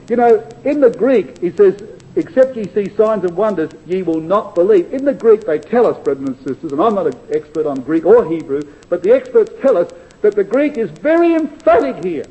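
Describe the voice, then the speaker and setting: High-voiced, mellow male preacher. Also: animated, rough recording. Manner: earnest, emphatic, slows down to stress quotations; varies loudness widely, dropping to near hush. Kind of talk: sermon.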